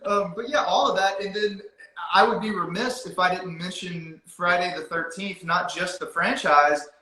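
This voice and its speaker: A man talks in a high, bright voice, rambling through his stories with fillers and restarts. The room around him is echoey. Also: steady tone, normal speed. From East Texas. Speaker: guest author. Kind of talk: casual chat.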